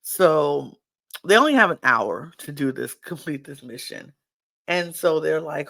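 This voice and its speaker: A woman's voice: low voice, big pitch swings, a little slow, gravelly, a bit bright. A woman hosting a podcast and recapping a reality show in casual chat, acting out what people said. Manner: chatty, acts out people's quotes. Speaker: podcast host.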